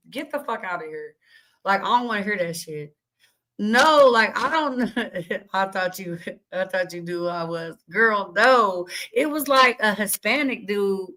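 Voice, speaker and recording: A woman's voice: on the high side, pushed and bright, poor audio. A young adult woman hosting a livestream, ranting bluntly to her chat with constant cursing and indignant questions. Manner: blunt, cussing, indignant, reads chat aloud. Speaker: livestream host. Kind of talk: heated profane rant to stream chat.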